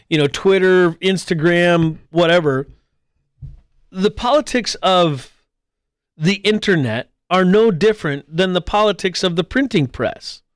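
A man with a high-pitched voice delivers a political commentary monologue as host of his own show. He argues his case with pointed emphasis, close to the mic in a dry space. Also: clear, resonant tone, dry recording. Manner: argumentative, with mocking mimicry of squabbling voices. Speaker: podcast host.

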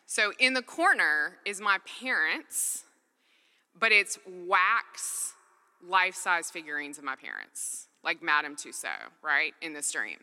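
Woman preacher, earnest and chatty storyteller, bright voice, pitch sitting a bit low. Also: very animated, takes it slowly, big-room sound. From Mississippi, US. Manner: earnest, conversational, acts out dialogue. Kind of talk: sermon with personal storytelling.

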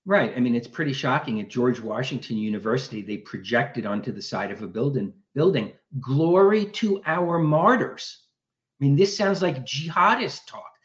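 Male interview guest, earnest and methodical, heard over a dull remote line. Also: on the high side. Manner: earnest, steady, builds arguments point by point. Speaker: guest commentator. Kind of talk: radio interview.

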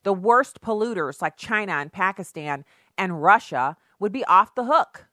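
A woman's voice: mid-range voice, expressive, normal speed, bright, forceful tone, no echo, clean studio sound. Sarcastic woman political commentator. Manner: sarcastic, emphatic, rhetorical questions.

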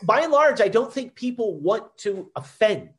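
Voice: medium pitch, big pitch swings, moderate pace, a bit bright. A podcast host in casual chat, adding thoughtful remarks to a guest's story.

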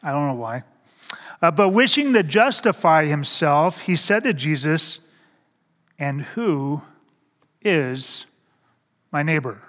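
Slow-preaching middle-aged male pastor in a reverberant hall. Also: on the high side, lively intonation, fairly bright tone. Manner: slow, halting delivery with repeated words and rhetorical questions. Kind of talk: sermon.

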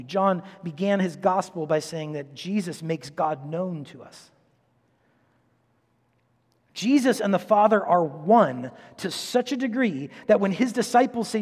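A man in his forties, a priest, preaching a sermon in a chatty, animated storytelling manner. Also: sits high, measured pace. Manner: chatty, animated storyteller, quotes people in voices. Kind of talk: sermon with personal stories. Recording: long hall reverb.

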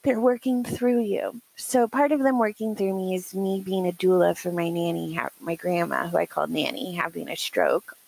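A young woman telling stories in a casual podcast chat, animated and laughing often, acting out what others said. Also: lowish voice, moderate pace, gravelly, few pauses, slightly rough, poor audio. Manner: animated, acts out quoted voices, laughs often.

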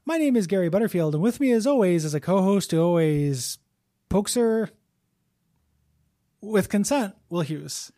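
A man's voice: sits high, animated, normal speed, long pauses, mellow. A man hosting a comedy podcast, joking, laughing often and slipping into improvised bits. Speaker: podcast host. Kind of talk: comedic casual chat.

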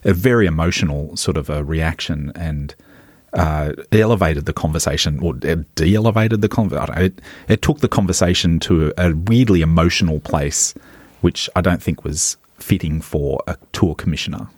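A man's voice: low voice, moderate pace, a little mellow, dry recording, clean studio sound. A man hosting a golf podcast in casual chat, asking questions in a hesitant way.

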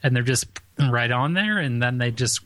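A man's voice: mid-range voice, expressive, normal speed, fairly bright tone, dry recording. A man co-hosting a podcast in casual chat, reading out articles and cracking dry jokes. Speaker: podcast co-host.

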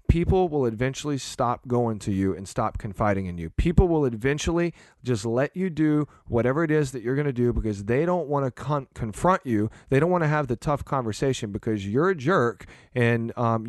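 Casting: man, podcast host and church leader, earnest loose chat, mid pitch, dry close mic. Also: darkish tone, no echo. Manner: earnest, rambling with restarts and fillers.

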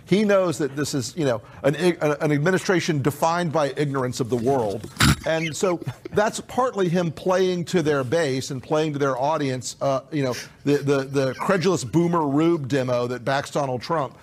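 A man's voice: a little high, moderate pace, a little hiss or hum. A man talking politics on a casual podcast, laughing derisively and restarting his sentences.

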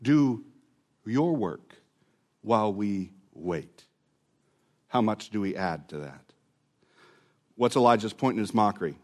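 A man preaching a sermon, earnest and building to emphatic repetition. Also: mid-range voice. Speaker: pastor.

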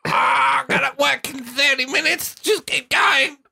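A man's voice: extremely high pitch, unhurried, creaky, a little hiss or hum, voice pushed up, full character voice. A man voicing a groggy, bawdy, impatient British woman with a put-on Cockney accent, coarse and brusque. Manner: coarse, brusque, shouting at times.

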